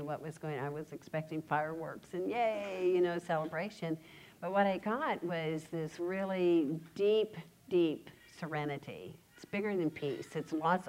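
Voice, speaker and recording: A woman giving a personal testimony in church, speaking earnestly with pauses and fillers. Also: fairly low pitch, a little mellow, rough recording. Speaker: church member sharing testimony.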